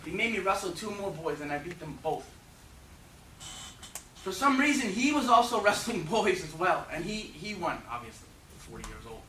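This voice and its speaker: An energetic Irish man tells comic stories to an audience in a fairly high voice. He sounds distant, in a roomy lecture hall with noise behind him. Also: moderate pace. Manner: energetic, joking, animated. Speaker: guest speaker. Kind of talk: comic storytelling talk. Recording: echoey hall, distant mic, noisy.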